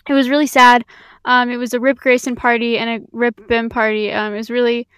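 A woman's voice: a little high, little pitch movement, a little fast, a bit bright, clean tone, no room sound. A young woman co-hosting a podcast in casual chat, giggly and rambling, with frequent "um"s. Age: young adult. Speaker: podcast co-host.

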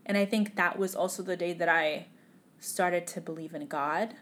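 A woman's voice: on the low side, a bit bright. Tearful young woman telling a painful story. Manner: tearful, halting, drops to a whisper at times. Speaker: podcast guest. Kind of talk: emotional personal storytelling.

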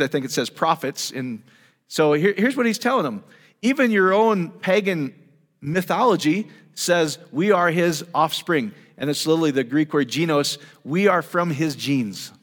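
A man's voice: high-pitched, lively intonation, normal speed, a bit bright. Guy preaching, all fired up and chatty, lots of "isn't that cool?" questions, church hall with a long echo. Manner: enthusiastic, conversational, full of rhetorical questions. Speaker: pastor. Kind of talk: sermon teaching. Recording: long reverb of a large hall.

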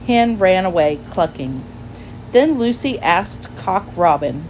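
A woman narrating a children's storybook aloud in a gentle, clear and measured way. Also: lowish voice, lively intonation, slight background noise, low-quality recording.

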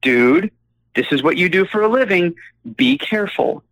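A young man rants his way through a call-in story, his voice sitting a touch high. He acts out the people he talks about and swears as he vents. The sound is dry and close. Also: very animated, moderate pace, gravelly, fairly bright tone, no echo, poor audio. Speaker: call-in guest. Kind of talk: casual ranting chat. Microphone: phone or remote call.

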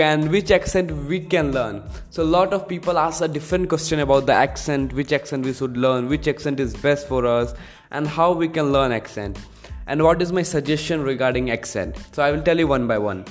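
Earnest man hosting a solo podcast. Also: medium pitch. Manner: earnest, repetitive explaining. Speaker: podcast host.

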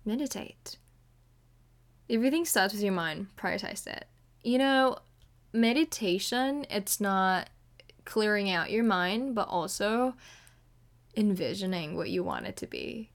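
A woman's voice: medium pitch, vocal fry. A woman in her twenties talking candidly in a casual vlog, chatty and emotional, with lots of fillers. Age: 20s. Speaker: vlogger.

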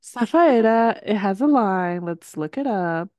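A woman's voice: medium pitch, expressive, measured pace, warm tone, no room sound. Woman, podcast co-host, chatty, laughs a lot, dry close sound. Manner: chatty, laughs often, lots of "like". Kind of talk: casual chat.

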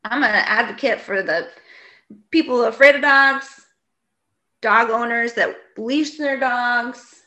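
Woman, casual co-host, bright slightly high voice, animated exasperated storytelling. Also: takes it slowly. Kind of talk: casual chat.

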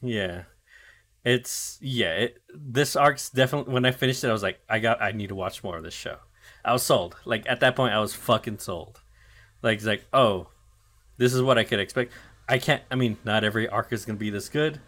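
A man's voice: medium pitch, fairly quick, fairly bright tone. Casual swearing guy recapping anime. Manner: loose, swearing, many fillers and restarts; acts out characters' lines mid-retelling. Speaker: podcast co-host recapping anime. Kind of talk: casual chat.

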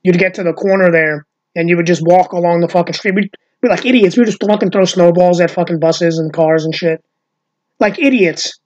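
Brief: fifties host from New York, loose rambling chat over a muffled call line. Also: male voice, high-pitched, a little fast, darkish tone. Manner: rambling, swears freely. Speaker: podcast host. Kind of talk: casual chat. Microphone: video call.

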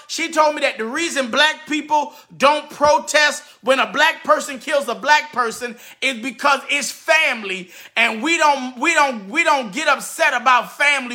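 A man, a radio host delivering an indignant, repetitive commentary rant and often shouting. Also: very high voice.

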